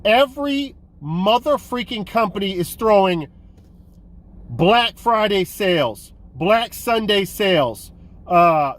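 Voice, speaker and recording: Guy rambling excitedly in his vlog, kinda high voice, swears a bit. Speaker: host of a physical media collecting vlog. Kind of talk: casual vlog chat.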